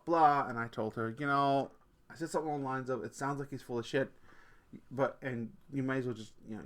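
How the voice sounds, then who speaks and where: A man's voice: medium pitch, a bit bright. A man in his forties hosting a podcast, telling stories in a casual, chatty way, laughing often and swearing casually. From Canada. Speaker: podcast host. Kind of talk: casual storytelling rant.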